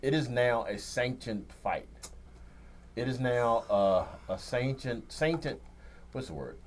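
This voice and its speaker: A man's voice: medium pitch, takes it slowly, slight background noise. A man hosting a radio talk show, chatting in a laid-back, rambling way with frequent restarts. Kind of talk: casual chat.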